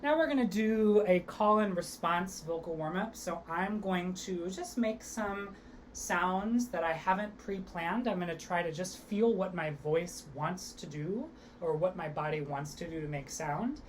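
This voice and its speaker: A woman's voice: on the low side, measured pace, slight background noise. Upbeat woman coaching a theatre workshop. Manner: upbeat, encouraging coaching with voice warm-ups. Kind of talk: online acting workshop instruction.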